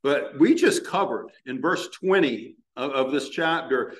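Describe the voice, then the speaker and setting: A man preaching a sermon as pastor, earnest, slowing down to stress words from scripture. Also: lively intonation. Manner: prays in a hushed, low voice.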